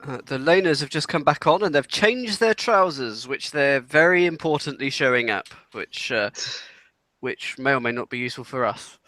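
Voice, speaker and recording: A man's voice: mid-range voice, animated, moderate pace, bright, forceful tone, no echo. A man co-hosting a casual watchalong commentary, describing what happens on screen with a wry touch. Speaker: co-host.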